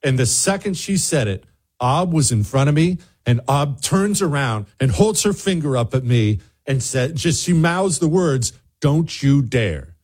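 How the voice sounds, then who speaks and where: A man's voice: fairly high pitch, lively intonation, normal speed, a little mellow, slightly rough. A man hosting a show, telling a casual vacation story and mimicking other people in raised voices. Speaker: radio show host.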